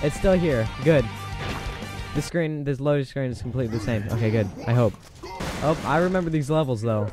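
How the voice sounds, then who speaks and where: A young man casually commenting on a game as he plays, excitable and quick to exclaim. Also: medium pitch. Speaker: gameplay commentator. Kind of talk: casual let's play commentary. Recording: game music and gunfire loud behind voice. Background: game music and gunfire.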